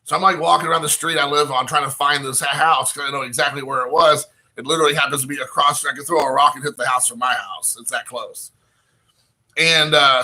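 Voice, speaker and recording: A young man spins a long personal story in a loose, rambling way, with "like" in nearly every sentence. His voice sits a touch high and rings very bright and sharp, and he slips into quoted dialogue as he goes. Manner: rambling, heavy use of "like" fillers, quoting himself and others. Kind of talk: casual anecdote storytelling.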